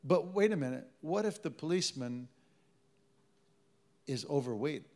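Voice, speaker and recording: Gravelly preacher man, talking to the congregation. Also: on the high side, lively intonation, normal speed, darkish tone. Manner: conversational storytelling, asks audience to respond. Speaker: pastor. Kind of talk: sermon. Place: church with live congregation.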